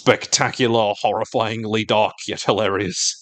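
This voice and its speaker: A man's voice: on the low side, steady tone, normal speed, fairly bright tone, dry recording. A man co-hosting a podcast, recapping a TV episode in casual chat and acting out quotes in silly voices.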